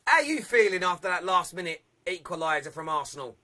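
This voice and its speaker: A young man hosts a live football phone-in, chatting with callers and reading out viewer comments. His voice sits high and sounds bright and forceful, and he laughs loudly and often. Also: big pitch swings, a little fast. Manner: reads viewer comments aloud. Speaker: phone-in show host.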